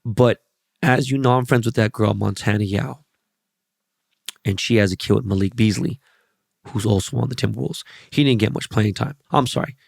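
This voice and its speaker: Gravelly dude podcast host, cussing nonstop, rambling stories, super dry close mic. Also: male voice, lowish voice, normal speed, no room sound. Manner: profane, rambling, animated storytelling. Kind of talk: casual podcast monologue.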